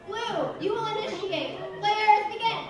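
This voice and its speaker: Woman hosting a live improv match, very high voice, projecting and upbeat. Recorded far off in a very echoey auditorium with the crowd clearly audible. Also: measured pace. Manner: upbeat, projecting, leads the audience in call-and-response. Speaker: referee and host of a live improv comedy match. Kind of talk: live show hosting, explaining game rules to the audience. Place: school auditorium or gym with a live audience.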